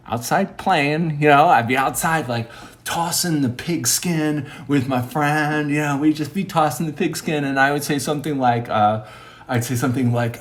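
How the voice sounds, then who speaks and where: A male comedian telling a rambling, self-mocking stand-up story, acting out the people in it. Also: medium pitch.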